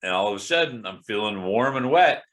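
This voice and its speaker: A middle-aged man with a very low voice talks through a casual personal update. He sounds congested and tired, rambling candidly with frequent fillers and restarts. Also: animated, brisk, a bit bright. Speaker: video blogger.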